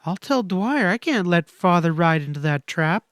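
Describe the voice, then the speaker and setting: A man's voice: high voice, lively intonation, normal speed, fairly bright tone, no room sound, studio quality, pitched above the performer's own voice. A man reading a western audiobook, voicing an earnest, desperate young frontier woman in a pleading, breathless way. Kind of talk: audiobook character voice.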